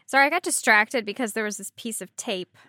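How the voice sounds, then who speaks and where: A woman's voice: a little high, brisk, bright, forceful tone, no room sound, clean studio sound. A woman co-hosting a casual podcast, teasing her partner and laughing often. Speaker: podcast co-host.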